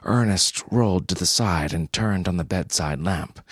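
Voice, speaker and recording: A man reads a story in a deadpan, unhurried way. His voice is very low and husky, recorded dry. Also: no room sound. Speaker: narrator. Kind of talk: scripted story narration.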